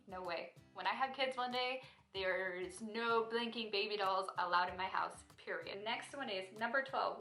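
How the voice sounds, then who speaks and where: A young woman answers get-to-know-me questions in a bright, forceful voice, chatty and playful. Her voice rings a little in an echoey room, with faint music underneath. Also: medium pitch. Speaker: vlogger. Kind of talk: casual Q&A vlog.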